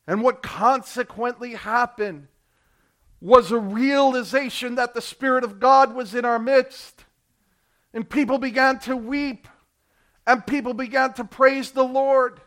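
A male pastor preaching a sermon, acting out the people he quotes and swinging between loud and quiet. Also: very high-pitched, fairly even intonation, measured pace. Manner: dramatic, acts out quoted voices with big swings in loudness.

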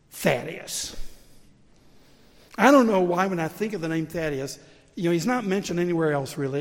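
An older Southern pastor preaches in a slightly high voice, his words ringing out with the long reverb of a big church sanctuary. He tells stories in an easy, conversational way, then builds to emphatic, rising peaks. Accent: Southern American. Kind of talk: sermon.

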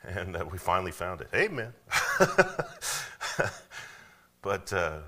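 A man's voice: deep voice, lively intonation, brisk, creaky, sharp tone. A man preaching a sermon as pastor, conversational, often checking in with "okay?". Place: church.

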